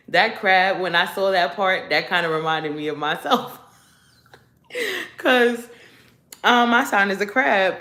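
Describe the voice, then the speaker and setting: A woman with a medium-pitched, fairly bright voice hosts a casual livestream in an echoey room. She chats with viewers, telling rambling stories, laughing often, and sounding congested.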